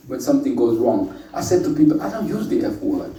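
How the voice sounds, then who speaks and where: A man with a rather high but very dark, mellow voice gives a chatty talk to a group, often calling out to them for answers. He sounds set back from the microphone. The room has a roomy echo. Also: sing-song, fast. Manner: playful, chatty, calls out to the audience. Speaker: speaker at a spiritual workshop. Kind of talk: informal lecture to a live group. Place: indoor meeting room with an audience. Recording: echoey room, voice from a distant mic.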